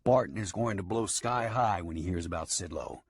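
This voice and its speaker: A man voicing a calm, scheming outlaw leader who gives firm orders in an audiobook. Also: low voice, moderate pace, slightly rough, dry recording, heavily acted. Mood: commanding. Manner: firm, commanding.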